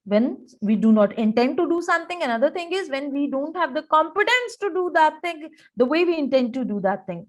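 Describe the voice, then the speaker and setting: A woman with an Indian accent giving a personality-development webinar lecture, earnest and emphatic, acting out examples in dialogue. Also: sits high. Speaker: professor giving a training webinar.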